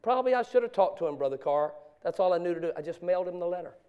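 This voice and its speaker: High-voiced preaching man. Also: animated, rapid-fire, clean tone, dull audio. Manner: swings from quiet confessional storytelling to loud preaching. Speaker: pastor. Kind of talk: sermon.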